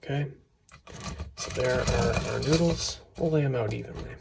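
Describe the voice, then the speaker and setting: A man with a gravelly, rough-edged voice talks through a home cooking video, rambling and correcting himself as he goes. He sometimes slips into a whisper. The kitchen recording carries a steady hiss of noise behind him. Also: medium pitch, moderate pace. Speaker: cooking channel host. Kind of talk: casual cooking ASMR chat.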